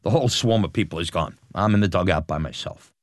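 Deep-voiced man telling an animated story. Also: quick pace, no room sound, clean studio sound. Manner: animated, acts out quoted voices. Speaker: former batboy interviewee. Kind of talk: storytelling interview.

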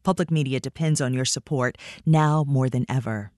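A woman's voice: very deep voice, moderate pace, dry recording, studio quality. A woman radio host giving a polished, scripted show outro. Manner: polished, even read.

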